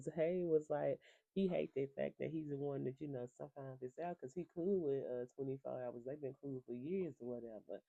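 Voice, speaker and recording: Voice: medium pitch, normal speed, gravelly, mellow, no room sound, muffled recording. A reality TV recapper in a casual, gossipy talk, profane and sassy and laughing often.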